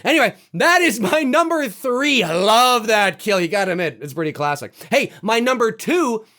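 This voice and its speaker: A man hosting a casual video, talking animatedly and swearing freely as he ranks favorite horror kills and acts out lines with loud outbursts. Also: very high-pitched, big pitch swings, normal speed. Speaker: YouTube host ranking horror kills. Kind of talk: casual excited monologue.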